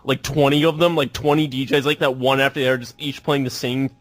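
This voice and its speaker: A man's voice: medium pitch, flat delivery, fast talker, a bit bright. A young man co-hosting a casual online talk show, ranting bluntly and with profanity over glitchy, robotic-sounding voice chat audio. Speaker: podcast co-host.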